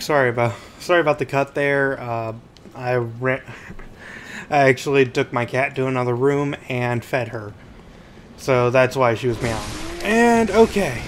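A man giving rambling gameplay commentary at home, chatty and quick to yelp when the game gets tense. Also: mid-range voice, a little hiss or hum. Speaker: let's play host.

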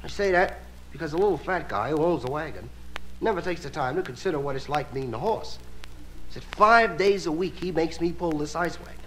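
Weary talking horse played by a male comic, low muttered gripes, on a hissy live recording. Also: natural voice, low-quality recording. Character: weary talking workhorse, grumbling.

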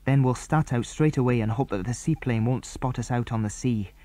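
A man voicing a steady older boy who leads the others, firm and decisive. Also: mid-range voice, brisk, close to an everyday voice.

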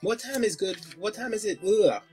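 A gentle, polite home care aide woman who talks in a soft, courteous way, as a man puts her on. The voice sits far higher than the speaker's usual pitch. Christmas music plays in the background. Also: expressive, normal speed. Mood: sweet, polite.

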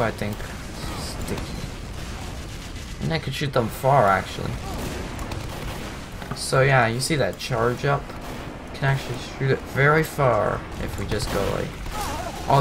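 A young man talks through his gameplay in a casual, rambling way, laughing at himself and yelping when things go wrong. His voice sits at an ordinary middle pitch. A steady wash of noise runs under the recording. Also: creaky. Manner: rambling, self-mocking, excitable outbursts. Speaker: gameplay commentator.

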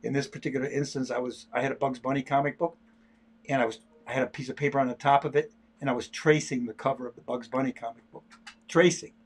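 An older man draws on a livestream and talks casually as he works, his medium-pitched voice husky, fast, and fairly even in intonation. He speaks in bursts and repeats himself often.

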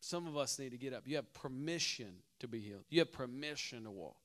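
A man preaching a sermon at a church conference, telling a personal story and moving from hushed asides to loud shouts. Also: mid-range voice, animated, brisk.

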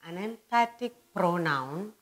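Lady teaching grammar to beginners, super slow, says everything twice. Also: fairly low pitch, animated. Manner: repeats words and phrases slowly for emphasis.

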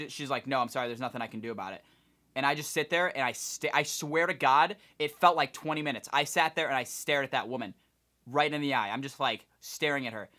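A young man from Ohio, a vlogger telling a rambling, animated story with lots of swearing. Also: medium pitch, quick pace. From Ohio, United States. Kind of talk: casual storytelling vlog.

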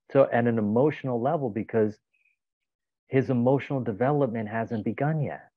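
A man's voice: mid-range voice, moderate pace, no room sound. A man guest giving a motivational self-help talk, emphatic and telling stories with acted-out quotes. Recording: tinny phone-like dry sound.

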